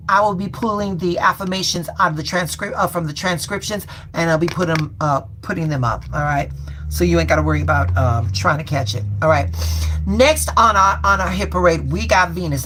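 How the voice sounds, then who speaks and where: A woman hosting a live-stream tarot reading, folksy and colloquial, calling her viewers baby and y'all and repeating affirmations slowly. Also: fairly low pitch, a bit bright.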